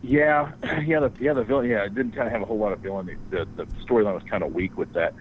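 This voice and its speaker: A man telling a crude story in casual podcast chat, animated and swearing freely. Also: lowish voice, fast talker, phone-quality sound, slight background noise.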